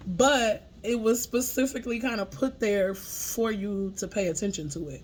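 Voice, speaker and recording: A woman's voice: on the high side, measured pace, slight background noise. A woman sharing channeled spiritual messages in a loose, chatty way, laughing often and swearing casually as she talks through her notes.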